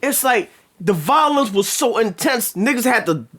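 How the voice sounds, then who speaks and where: A man reviewing a film in casual chat, animated and profane, acting out scenes in slangy speech. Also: extremely high pitch, normal speed. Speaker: movie reviewer.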